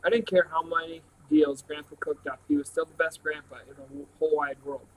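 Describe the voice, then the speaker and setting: A man reads a novel aloud, one chapter a day. His voice sits a little high for a man, and he tells the story plainly and steadily, tripping over a word now and then. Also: flat delivery, a little fast, a little hiss or hum, poor audio. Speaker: reader.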